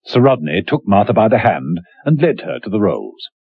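A man narrating a radio drama in measured, scripted storytelling. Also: on the low side, big pitch swings, gravelly, phone-quality sound.

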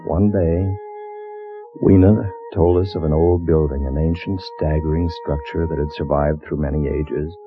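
An actor playing an uneasy male time traveler who asks hushed, wary questions and narrates somberly, in a vintage radio drama. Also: very deep voice, fairly even intonation, normal speed. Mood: somber narration. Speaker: narrator and character in a radio play. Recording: tinny old radio broadcast with loud music.

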